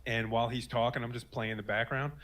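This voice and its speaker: This guest, a man in his late thirties, offers casual spoken testimony in a steady, fairly bright, medium-pitched voice that runs a little fast. He tells his personal story earnestly, rambling with fillers and restarts.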